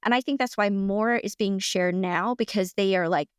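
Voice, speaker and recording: A middle-aged woman speaks as a podcast guest, recounting her story in a lively, chatty way and tripping over fillers and restarts as she goes. Her voice sits in an ordinary middle range. The sound is close and dry, with no room around it. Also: medium pitch, normal speed, smooth, dry recording. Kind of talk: casual storytelling in conversation.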